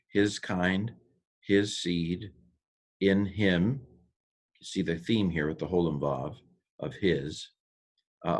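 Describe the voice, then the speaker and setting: A man teaching a lesson over slides, thinking aloud with many fillers and restarts, and slowing down to sound out words. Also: sits low, husky. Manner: slows to sound out words and phrases. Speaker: Hebrew teacher.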